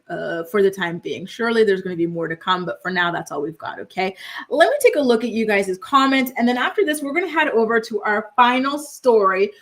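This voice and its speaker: A young woman hosting a casual gossip livestream, chatting and reading viewer comments aloud with frequent laughs. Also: medium pitch. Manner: chatty, animated, laughs often. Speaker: host of a morning gossip show.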